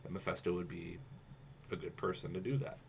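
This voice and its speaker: A man on a casual podcast panel, chipping in quick matter-of-fact remarks. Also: deep voice, vocal fry, a little hiss or hum. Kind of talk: casual chat.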